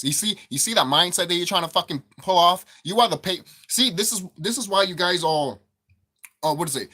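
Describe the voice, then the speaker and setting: His fairly high voice sounds pushed and bright, animated and fairly quick. He's a gaming commentator in a profane, heated tirade over video game prices, saying the same things again as he builds momentum.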